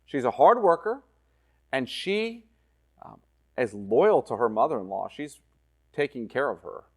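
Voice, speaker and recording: Verses are read aloud slowly by a male pastor in church, who then explains them conversationally and frequently checks in with "right?" and "okay?". His mid-range voice is husky and a little mellow, with big swings in pitch.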